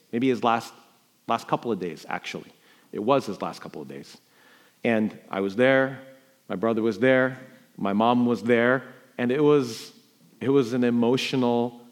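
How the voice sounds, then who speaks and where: A middle-aged New York pastor delivers a sermon, recounting a personal story in a medium-pitched voice. His delivery lurches between loud emphasis and hushed quiet.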